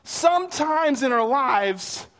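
A man's voice: very high-pitched, slow. A man preaching a sermon in a conversational way, telling personal stories and acting out the people in them. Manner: conversational, animated storytelling with acted-out quotes. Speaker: pastor. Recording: long reverb of a hall.

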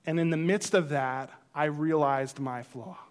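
A man's voice: on the high side, a little slow. A man preaching a sermon, telling a personal story and acting out his own reactions. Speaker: pastor.

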